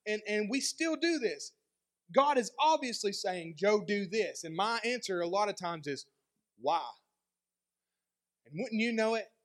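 A male pastor giving a sermon, telling a personal story in a conversational, animated way. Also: high voice, normal speed. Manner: conversational storytelling with lively dynamic swings.

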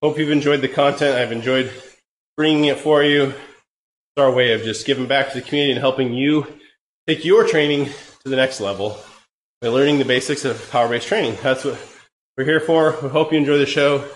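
Guy with a cold doing a live q&a, mid pitch, rambly with lots of ums, roomy echo. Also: a little fast. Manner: relaxed, rambling, many fillers. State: hoarse from a cold. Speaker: podcast host. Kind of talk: live Q&A on cycling training. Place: home room, riding an indoor trainer. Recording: echoey room with faint ambient noise.

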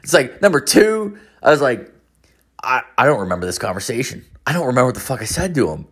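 A hungover man in his late thirties tells a rambling, heavily profane story about drunk calls and hangovers in a casual monologue. His mid-range voice is expressive and a bit bright with a breathy edge, and he talks fast.

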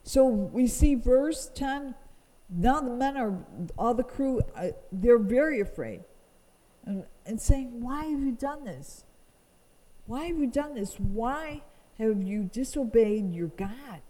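A woman teaches from the Bible, reading verses aloud and then explaining them earnestly. Her voice is a little high, animated, and mellow at a slow pace, captured in a low-quality recording with a long reverb tail.

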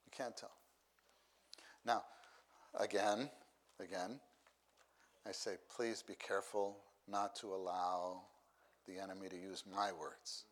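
A middle-aged man preaching a sermon, unhurried, who repeats key phrases for emphasis. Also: sits low, little pitch movement.

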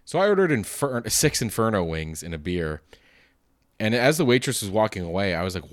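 A man with a sore throat talks in a loose, rambling monologue, poking fun at himself and swearing freely. His voice sits very low. The recording is dry, with no room sound. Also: big pitch swings, a little fast, no room sound. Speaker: vlogger. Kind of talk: casual monologue.

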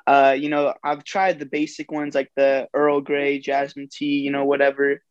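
A man's voice: mid-range voice, completely flat delivery, normal speed, clean tone, no room sound. A young student, hesitant and full of fillers, giving his opinion in casual podcast chat. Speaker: podcast co-host. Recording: dull lo-fi mic.

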